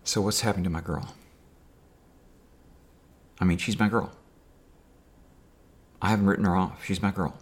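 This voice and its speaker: A man's voice: low voice, steady tone, normal speed, long pauses, slightly rough. A man talking to camera in a rambling personal monologue, with dry sarcastic humor and many fillers and restarts. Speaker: video diarist.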